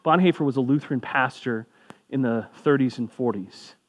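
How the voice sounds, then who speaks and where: A man's voice: medium pitch, moderate pace, highs cut off. A man preaching as a pastor, talking in a conversational way with asides, his voice rising for emphasis. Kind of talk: sermon.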